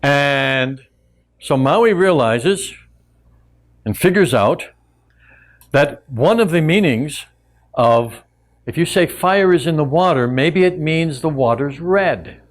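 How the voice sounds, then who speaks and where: A man telling a traditional tale to a live audience in a relaxed, conversational way with frequent asides. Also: fairly high pitch, slow pace, pauses often. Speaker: storyteller and teacher. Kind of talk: oral storytelling to a live audience.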